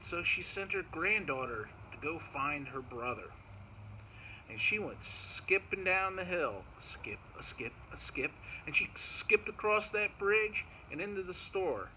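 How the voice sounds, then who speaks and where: A man telling a folk tale to children in an animated way, chanting little sound effects as he goes. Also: fairly high pitch, a little hiss or hum, poor audio. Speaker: park storyteller. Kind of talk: storytelling for children.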